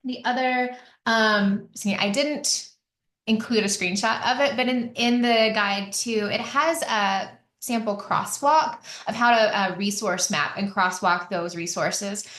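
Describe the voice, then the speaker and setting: A woman's voice: medium pitch, a little slow, a bit bright. A woman giving a conversational webinar presentation, with frequent fillers and restarts. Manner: chatty, many fillers and restarts. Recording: echoey room.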